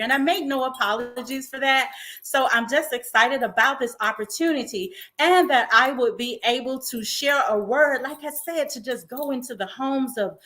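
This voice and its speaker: A woman host speaks in a bright, slightly high voice. She talks in an emotional, effusive, faith-filled way, encouraging and uplifting her audience. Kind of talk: inspirational talk-show monologue.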